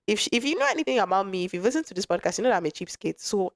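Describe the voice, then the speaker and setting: A young woman hosting a podcast frankly shares a personal story in a conversational way, full of restarts and asides, her voice touched by a lingering cough. She talks very fast and expressively at a medium pitch, in clean studio audio with no room sound.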